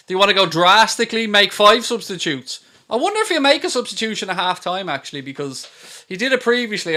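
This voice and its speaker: A man's voice: sits high, bright, forceful tone. A man hosting a live football watchalong stream, ranting and swearing at trolls with sarcasm.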